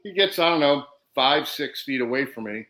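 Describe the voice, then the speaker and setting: A man's voice: mid-range voice, animated, normal speed, bright, forceful tone, low-quality recording. A man guesting on a podcast, telling wrestling stories, laughing and acting out what people said. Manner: laughs through stories, acts out quotes. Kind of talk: animated storytelling.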